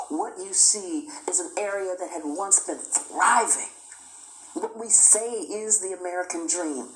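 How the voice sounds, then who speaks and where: A woman lectures on history with emphatic repetition, building each point in lists. Her voice sits very low, and the recording rings with echo from the room. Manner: emphatic, repeats phrases, acts out quotes.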